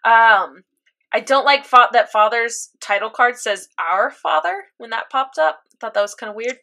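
Young woman, animated recap, bright voice, slightly high. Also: moderate pace. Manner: animated storytelling, acts out reactions. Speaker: podcast co-host recapping an anime. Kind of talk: casual chat.

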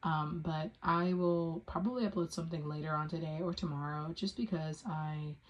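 A woman's voice: low voice, fairly even intonation, normal speed. A young adult woman hosting a casual solo podcast from home, rambling with lots of fillers and casual swearing. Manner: rambling, full of "like" and "um", swears freely. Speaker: podcast host.

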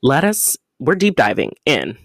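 A young woman hosting a casual podcast from home, chatting in a playful, rambling way with sudden loud jumps in pitch. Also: huge pitch swings, unhurried, no room sound, clean studio sound. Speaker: podcast host. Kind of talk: casual solo podcast chat.

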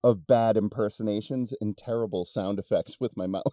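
A podcast co-host with a lowish, steady, warm voice talks fairly quickly, miked up close in a dry space with no room sound. He swears a lot and keeps the chat jokey and self-deprecating.

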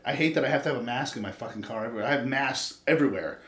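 A man's voice: mid-range voice, very fast, fairly bright tone, roomy sound. A man with an American accent in casual, profane chat, talking bluntly and acting out little exchanges. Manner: blunt, swears constantly, acts out shop exchanges.

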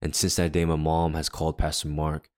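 Low-voiced man telling an earnest story. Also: completely flat delivery, fairly quick, a little mellow, clean tone. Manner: earnest, acts out quoted dialogue. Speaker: podcast co-host. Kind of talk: personal storytelling in casual chat.

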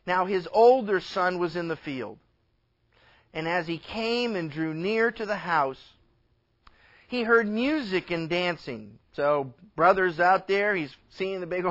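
A male pastor preaching a sermon, telling a parable with lively storytelling and briefly acting out the characters' lines. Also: sits high, a little slow, lo-fi sound.

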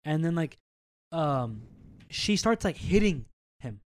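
A young man co-hosting a podcast, telling stories in a casual, animated way and swearing often. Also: fairly high pitch, slow pace, no echo. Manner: animated storytelling, swears a lot. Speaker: podcast co-host. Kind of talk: casual chat.

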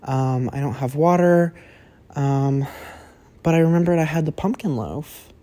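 A man's voice: a little high, measured pace, dark tone. A young man rambling through a casual solo monologue as a podcast host, chatty and self-correcting, swearing freely. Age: young adult.

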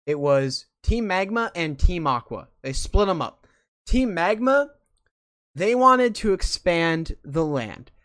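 Casual host, rambling and eager, lots of ums, middle pitch. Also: fairly bright tone. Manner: rambling and enthusiastic, with many fillers. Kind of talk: casual chat about video games.

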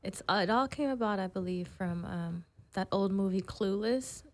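A woman's voice: medium pitch, moderate pace. A woman from California, a radio producer, chatting casually and easily. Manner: easygoing, laughs often. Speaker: producer and co-host.

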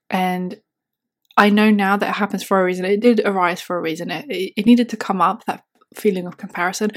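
A woman with a slight non-native accent hosts a reflective solo podcast, recorded on a simple computer mic. Her voice sits a little low, and she speaks earnestly and encouragingly, now and then acting out her own inner doubts. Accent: slight non-native English accent. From outside the UK, moved to the UK young. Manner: earnest, self-encouraging, talks to herself in quoted asides. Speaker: podcast host. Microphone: simple computer microphone.

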